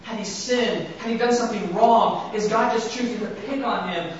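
A man with a high-sitting voice preaches at normal speed, a slight hiss or hum underneath. As pastor, he peppers the congregation with rhetorical questions and acts out scripture with building emphasis. The sound is dull, distant, and very echoey.

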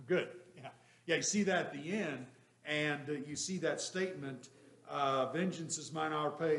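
A man with a slightly high voice leads a Bible class, firing questions at the room and punching his points with emphasis. His voice rings in an echoey room. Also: moderate pace, a bit bright. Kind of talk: interactive Bible study lesson.

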